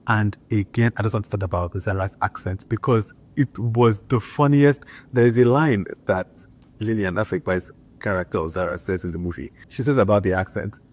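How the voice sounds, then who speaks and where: A man's voice: fairly low pitch, normal speed. Chatty man giving a casual movie review. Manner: chatty and enthusiastic, with frequent filler "like".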